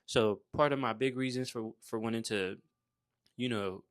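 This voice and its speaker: A man's voice: medium pitch, moderate pace, no echo. Laid-back, slangy young man, dry sound. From Saint Croix, US Virgin Islands. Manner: slangy and laid-back, peppered with "bruh" and "you feel me". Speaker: motivational vlogger. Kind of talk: casual personal storytelling.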